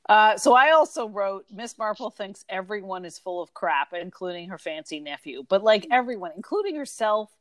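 A woman's voice: medium pitch, expressive, normal speed, hardly any pauses, dry recording. Thoughtful woman in dry casual chat. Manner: thoughtful, asks questions, reads out her notes. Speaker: book discussion co-host.

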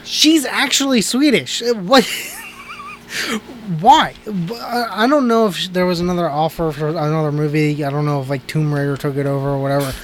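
Man, podcast co-host, somewhat high voice, rambling, laughs a lot, faint hiss behind. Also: normal speed. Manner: rambling, self-interrupting, laughs often. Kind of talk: casual movie review chat.

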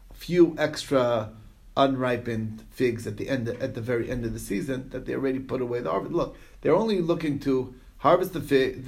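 A man's voice: mid-range voice, creaky. A man teaching a Talmud class in a casual lecture style, reading passages aloud and explaining them in chatty asides, often checking in with his listeners. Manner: storytelling with frequent "okay?" check-ins.

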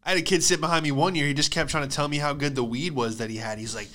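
A man's voice: fairly high pitch, fairly even intonation, racing, few pauses, bright, forceful tone. A young man giving a profane, rambling comedic monologue as a podcast host, acting out the voices of people in his stories.

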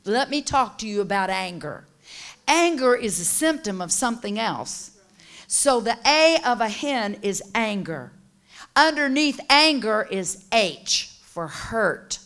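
A woman preacher delivering a sermon, teaching and building to passionate shouting with call-and-response. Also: a little high, big pitch swings, slow pace.

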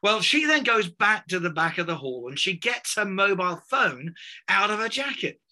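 Preacher guy telling a story, does the voices, real bright tone. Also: high-pitched, sing-song, moderate pace. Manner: storytelling, acts out quoted voices, ends in prayer. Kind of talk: sermon with personal story.

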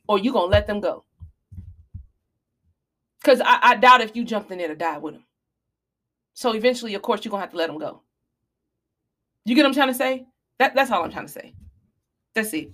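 Preachy woman podcaster, casual speech. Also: medium pitch. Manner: animated, preachy, apologizing in mock fashion. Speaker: podcast host. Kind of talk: casual advice talk.

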